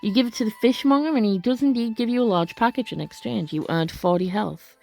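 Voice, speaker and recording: A woman's voice: on the high side, fairly quick, gravelly, mellow. A woman narrating a story game in a casual, chatty way, reading aloud and often correcting herself. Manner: chatty, self-correcting, stumbles over words. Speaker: let's play narrator.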